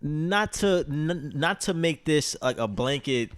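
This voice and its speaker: A young man co-hosting a podcast in relaxed casual chat, with many restarts and agreeing interjections. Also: a little high, slow, dry recording. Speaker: podcast co-host.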